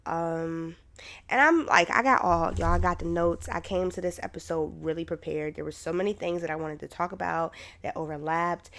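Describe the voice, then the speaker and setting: Casting note: young woman host, lowish voice, casual and profane, recovering from illness. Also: normal speed, fairly bright tone. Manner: chatty, loose, swears casually, leads breathing exercise. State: recovering from covid, voice still sick. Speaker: podcast host. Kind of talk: casual solo podcast talk.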